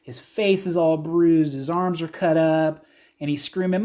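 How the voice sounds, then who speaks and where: A man narrating a tabletop horror game as game master, describing scenes in an unhurried way with frequent fillers. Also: a little high, fairly even intonation, darkish tone.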